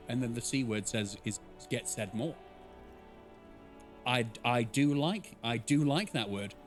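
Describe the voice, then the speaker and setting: A man streaming a game live, chatting casually and joking with viewers, with profanity here and there. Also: medium pitch. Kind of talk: live game playthrough with chat.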